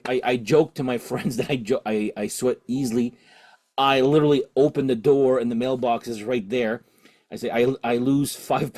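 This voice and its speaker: A man hosting his rock channel, rambling through a story in a casual rant. He keeps correcting himself and asking "okay?", and he sounds tipsy. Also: darkish tone. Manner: jumps higher in pitch and volume when quoting himself and his friend. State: drinking alcohol while recording. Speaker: host of a rock and vinyl channel.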